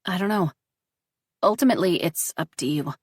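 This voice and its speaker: A woman reading the lines of a loving, steady mother in a storybook, with a gentle, reassuring manner. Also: lowish voice, moderate pace, husky, no echo, clean studio sound.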